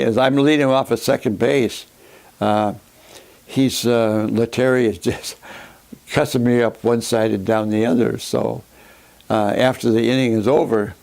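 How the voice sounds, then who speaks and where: An older man, a former catcher, recalling his playing days in an unhurried storytelling way with plenty of fillers. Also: medium pitch, darkish tone. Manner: gravelly, unhurried, with many uh fillers. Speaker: former baseball catcher interviewee. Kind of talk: storytelling reminiscence.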